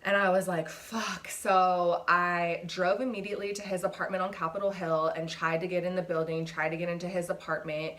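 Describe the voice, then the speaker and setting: Woman, 30s, lowish voice, candid personal vlog retelling, emotional and casual. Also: flat delivery, a little fast, few pauses, fairly bright tone. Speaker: vlogger.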